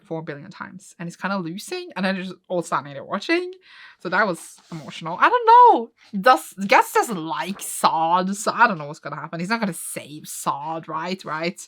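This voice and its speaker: A woman casually retelling and reacting to a comic she is reading, excitable and emotional, often laughing and close to tears. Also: fairly low pitch. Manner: excitable, gushing, laughs often, retells scenes with quoted voices. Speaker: manga reaction vlogger.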